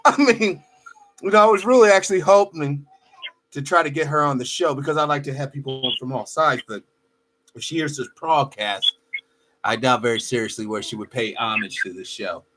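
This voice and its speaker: A man hosting a podcast, chatting casually with quick interjections and easy laughter. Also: mid-range voice, a bit bright. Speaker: podcast host. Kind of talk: casual talk show chat.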